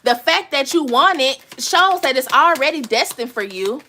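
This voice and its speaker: A woman's voice: high voice, expressive, normal speed, pushed and bright. A woman giving a live tarot reading to her viewers, casual and slangy, swearing often and breaking into laughter. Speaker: tarot reader.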